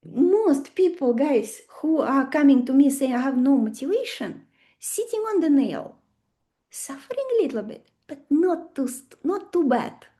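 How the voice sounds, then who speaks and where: A woman leads a live astrology lesson, quizzing her class and acting out little stories. Her voice sits high, with a soft, mellow tone. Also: unhurried. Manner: animated, asks the class questions, acts out stories. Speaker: astrology teacher.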